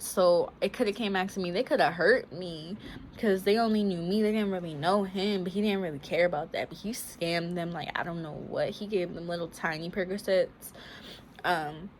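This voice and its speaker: A young woman talking casually in a storytime vlog, animated and acting out what she and others said. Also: mid-range voice, a little hiss or hum. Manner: animated, quotes herself and others in conversation. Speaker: vlogger.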